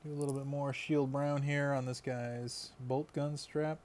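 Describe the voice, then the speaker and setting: A man's voice: mid-range voice, level tone, unhurried, darkish tone. A man chatting casually on a live stream while he paints miniatures, rambling and laughing often.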